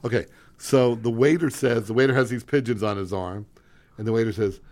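A man co-hosting a radio show, joking around with wry, teasing, deadpan banter. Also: lowish voice, a little fast. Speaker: radio co-host.

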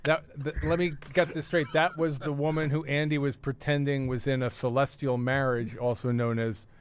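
A man's voice: mid-range voice, flat delivery, normal speed, clean tone. A man co-hosting a call-in radio show, teasing his partner in a mock-serious tone. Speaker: radio co-host.

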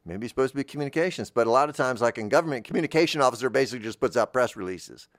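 A man improvising a comic story in a rambling, deadpan way, drifting off on tangents. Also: mid-range voice, racing, dry recording, clean studio sound. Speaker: comedy podcast performer.

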